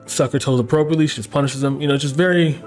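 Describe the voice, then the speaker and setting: A man hosting a casual plot recap. He talks in an animated, sarcastic way, swears freely and slips into quick mock voices for the characters. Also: a little high, soft background music. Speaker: anime recap host.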